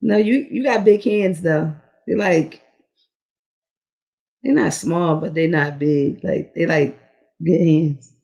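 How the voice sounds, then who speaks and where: A man talking casually and relaxed in a played clip. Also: on the high side, slow, creaky, pauses often, rough recording. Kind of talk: casual conversation.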